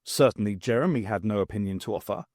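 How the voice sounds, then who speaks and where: A man reading an unabridged novel aloud in a measured, expressive storytelling manner. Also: lowish voice, dry recording, studio quality. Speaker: audiobook reader.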